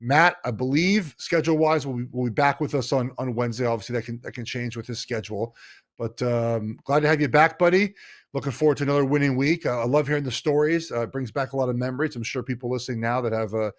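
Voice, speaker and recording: A middle-aged man hosts a podcast of casual chat, speaking fast in a mid-range voice. He rambles, using lots of fillers and restarts.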